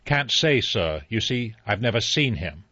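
A man's voice: lowish voice, very animated, unhurried, pushed and bright, slightly rough, dry recording, exaggerated voice. A man reading an audiobook, voicing an anxious, deferential middle-aged butler who pleads earnestly. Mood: pleading. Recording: slightly dull dry recording.

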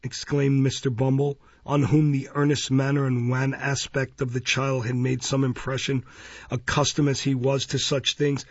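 A man narrating a classic novel as an audiobook, in a measured storytelling manner. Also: medium pitch, flat delivery, husky, no echo. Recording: dull, dry lo-fi recording.

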